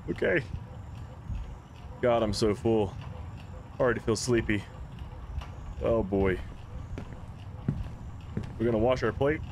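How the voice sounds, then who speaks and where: A man's voice: on the low side, slow, long pauses, darkish tone, slight background noise. A man hosting a horror game playthrough, reacting with nervous exclamations and pleading. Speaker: gaming channel host.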